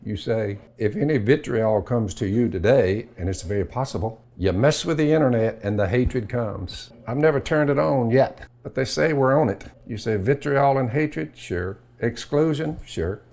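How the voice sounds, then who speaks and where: A man's voice: medium pitch, animated, moderate pace, few pauses, a little mellow. An older man with a Southern US accent giving a folksy sermon, drawling and acting out both sides of an imagined talk. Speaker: preacher.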